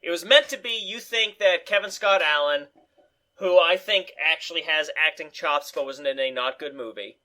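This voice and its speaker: A man co-hosting a casual movie review chat, ranting in a profane, animated way. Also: on the high side, normal speed.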